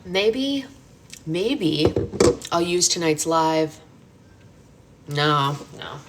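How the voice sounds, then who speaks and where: A young woman hosting a casual livestream, chatting with viewers and reading their comments out loud in a playful, rambling way. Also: deep voice, lively intonation, drawn-out words, roomy sound, heavy background noise. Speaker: livestream host.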